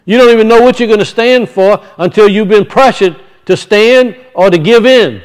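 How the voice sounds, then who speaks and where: A male preacher with a high, clean voice reads scripture slowly and then explains it, frequently restarting his sentences.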